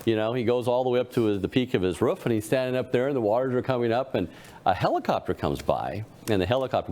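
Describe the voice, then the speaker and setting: A man's voice: on the low side, quick pace, darkish tone. A man co-hosting a panel talk, telling a folksy joke and acting out its characters. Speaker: co-host. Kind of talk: casual panel talk with storytelling.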